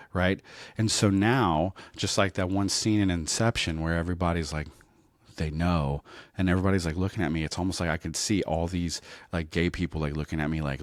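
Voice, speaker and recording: A comedian with a very low, deep voice tells a story casually and with plenty of self-mockery, often checking in with his listeners. The sound is close and dry, with no room echo. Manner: animated, self-mocking, keeps checking in with "right?". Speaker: comedian and podcast host.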